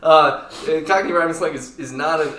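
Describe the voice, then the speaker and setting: A man with a voice on the high side hosts a casual podcast and runs a quiz game, playful and jokey with quick asides in easygoing chat. He's recorded from a distance, off-mic in an echoey room, with a loud crowd around him.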